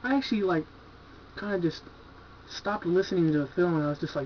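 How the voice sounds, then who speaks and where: A collector reviews his horror movie purchases in a casual video, talking briskly in a fairly high voice as he rambles through his shelf. He stays laid-back and enthusiastic, curses cheerfully, and uses plenty of filler. The sound is dull and lo-fi like an old home video, with a faint hiss in the background.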